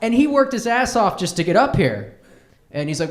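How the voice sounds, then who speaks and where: A man's voice: high voice, very animated. Young man doing stand-up in a roomy club. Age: young adult. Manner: quick storytelling with voiced quotes of others. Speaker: stand-up comic. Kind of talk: stand-up storytelling. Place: comedy club stage.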